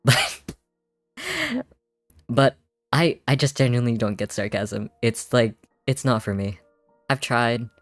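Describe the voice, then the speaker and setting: A man streamer in casual, rambling chat, animated and joking, swearing freely as he introduces himself. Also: mid-range voice, gravelly. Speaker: virtual streamer.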